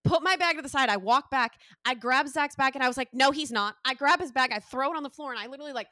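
A woman with a high, bright voice tells stories at a rapid clip. She chats casually as a podcast co-host, swears freely, and raises her voice to act out other people's lines. The sound is close and dry. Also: dry recording. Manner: animated storytelling, swears a lot. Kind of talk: casual chat.

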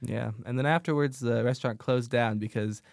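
Chill guy cohosting a podcast, average pitch, dry mic. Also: fairly quick, creaky, no room sound. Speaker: podcast co-host. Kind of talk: casual chat.

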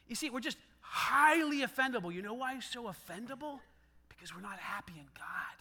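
A middle-aged male pastor with a very high, sharply bright voice, preaching in a loose, chatty way. He swings his pitch around a lot, acts out quick back-and-forth exchanges and laughs along with his own stories. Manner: animated, conversational, acts out dialogue, laughs often. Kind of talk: sermon.

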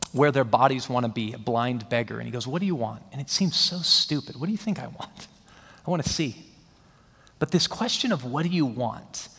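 A man's voice: mid-range voice, a bit bright, husky. A man preaching a sermon as pastor, emphatic, building his points phrase by phrase with rising stress. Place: church hall. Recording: long hall reverb.

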